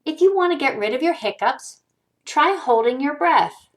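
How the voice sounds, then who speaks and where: A woman voicing a helpful male ghost who gives advice in a high, sing-song storytelling voice. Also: lively intonation, moderate pace. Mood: advising. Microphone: webcam.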